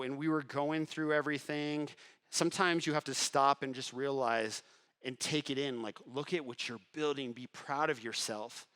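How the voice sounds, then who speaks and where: Guy giving a motivational speech on stage, tells stories, does the voices, goes quiet then loud again. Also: medium pitch. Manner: animated storyteller acting out dialogue, swings between hushed and loud. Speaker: entrepreneur giving a motivational talk. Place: event hall before an audience.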